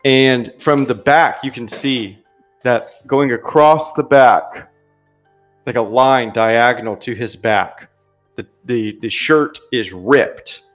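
Male game master, slow and measured narrator, mid-pitched. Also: faint music behind.

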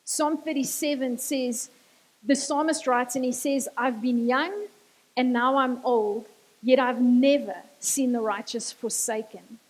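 A woman's voice: sits high, steady tone, a little slow. A woman preaching a sermon, earnest and repeating key lines for emphasis. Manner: earnest, repetitive emphasis, switches into Afrikaans. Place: church hall. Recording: church hall with long reverb.

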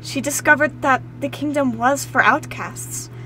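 A woman narrating a storybook tale in a calm, measured way. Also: high voice, a little hiss or hum, rough recording.

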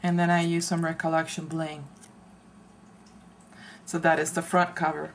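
A woman casually showing her handmade craft album, chatty and meandering, often pausing mid-sentence to search for words. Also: low voice, little pitch movement, a little hiss or hum. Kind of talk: casual show-and-tell craft video.

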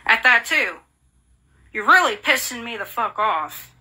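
A woman's voice: a little high, lively intonation, a little slow, bright, forceful tone, breathy edge. Furious, profane woman ranting. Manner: furious, profane, repetitive insults; bitter, accusing. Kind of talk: angry rant.

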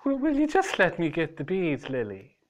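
A man's voice: high voice, lively intonation, a little slow, fairly bright tone, lo-fi sound, pitched above the performer's own voice. A man voicing a frightened, feeble husband in a spooky story. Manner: feeble, whimpering. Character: timid frightened old Irish husband.

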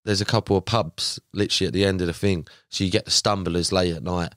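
A young man, a podcast guest, chatting casually and telling animated, slangy stories full of fillers. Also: sits low, fast talker, dry recording, clean studio sound. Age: young adult. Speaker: podcast guest, carp angler. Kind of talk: casual chat.

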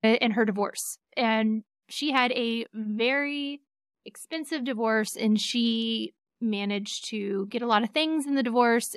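A woman's voice: fairly high pitch, fairly bright tone, no room sound, clean studio sound. A woman attorney hosting a podcast in casual chat, with a faint Southern accent. She laughs easily and keeps steering her co-host back on track.

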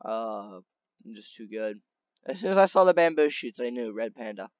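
Excitable young man narrating gameplay, lo-fi. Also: medium pitch, normal speed, dry recording. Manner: excitable, chatty, talks to the game animals. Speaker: gaming video creator. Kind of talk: casual gameplay commentary.

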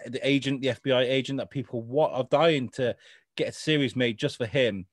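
A man's voice: mid-range voice, fairly quick, no echo. A man co-hosting a casual chat, talking loosely, swearing, and acting out quotes as he retells scenes. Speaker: podcast co-host.

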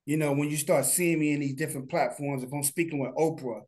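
He talks fast in a steady tone, his voice a little high yet darkish. The speaker is a studio founder interviewed as a guest, earnest and heartfelt, who rambles casually and keeps restarting sentences.

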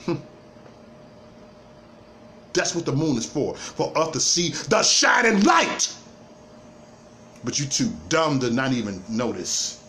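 A man ranting through a livestream monologue. His pitch swings widely as he hammers points home and stammers over restarts. A faint hiss of noise sits under the voice. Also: lively intonation, slow pace, pauses often, bright, forceful tone. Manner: emphatic, repetitive, stammering restarts. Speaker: livestream host.

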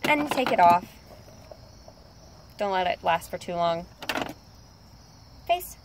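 A woman casually showing how she trains her dog, upbeat, with high excited bursts of praise. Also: unhurried, background noise. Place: outdoors near a street.

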